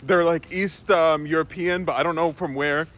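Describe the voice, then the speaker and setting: A man casually telling a story about a stay with a host family, animated, laughing and swearing freely. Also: on the high side, normal speed.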